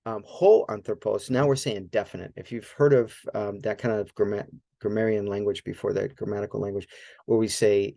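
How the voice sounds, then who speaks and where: A man teaching Greek grammar in a relaxed, informal way, explaining step by step and often checking with "right?". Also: on the low side, gravelly, dry recording. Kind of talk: casual teaching.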